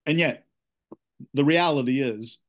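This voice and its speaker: A middle-aged man seeking coaching, giving a candid, halting account of his marriage with many restarts. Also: medium pitch.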